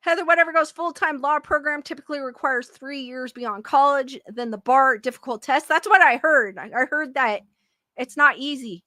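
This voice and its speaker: Woman streamer reading chat, defensive and giggly; high bright voice, dry close sound. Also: moderate pace, dry recording. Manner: defensive, laughs often, restarts sentences. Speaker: livestream host reading chat. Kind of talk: casual livestream chat.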